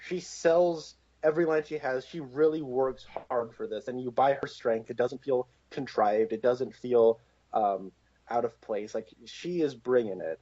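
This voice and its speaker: A man's voice: mid-range voice, normal speed, warm tone. A man co-hosting a podcast, giving blunt, dismissive opinions in casual movie review chat, with lots of filler words. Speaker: podcast co-host. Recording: lo-fi, dull sound.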